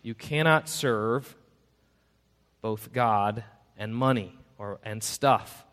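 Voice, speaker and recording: Pastor preaching in a reverberant hall. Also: male voice, on the low side, takes it slowly, fairly bright tone. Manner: conversational, self-deprecating preaching with acted-out quotes. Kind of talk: sermon. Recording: long reverb of a church hall.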